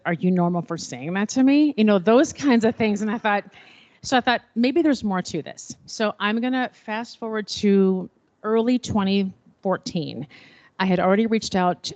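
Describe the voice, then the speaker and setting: A middle-aged woman telling a personal story at a panel, expressive and acting out remembered dialogue. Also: medium pitch, dry recording, dull audio. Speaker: panel speaker.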